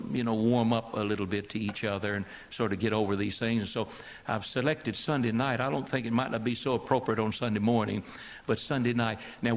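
A man preaching a sermon at a church service, lively and emphatic, acting out quoted voices. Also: mid-range voice. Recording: dull lo-fi tape recording.

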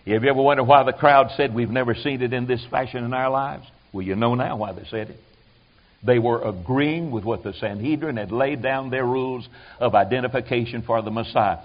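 A man preaching a sermon, animated, acting out quoted voices and dropping to quiet asides. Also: medium pitch, fairly quick. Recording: dull lo-fi sermon recording.

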